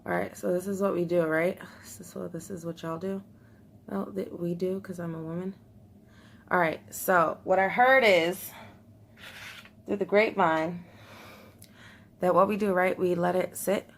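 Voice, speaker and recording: Young woman chatting at home, kinda low voice, nervous giggly y'all talk, little hiss behind. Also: steady tone, normal speed, vocal fry, pauses often. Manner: chatty, nervous, laughs often, talks to viewers as y'all. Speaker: vlogger. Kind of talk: casual beauty vlog chat.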